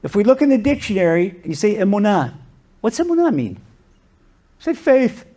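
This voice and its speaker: A man, a rabbi, giving a sermon and telling a parable in an animated, conversational way, often restarting his sentences. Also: high voice, normal speed. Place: lecture venue.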